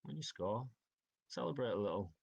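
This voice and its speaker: A man's voice: lowish voice, lively intonation, moderate pace, gravelly, slightly rough. A man, a hockey player telling stories in a casual podcast interview. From Northeast England. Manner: chatty storytelling, says "aye" and "like". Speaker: ice hockey player guest.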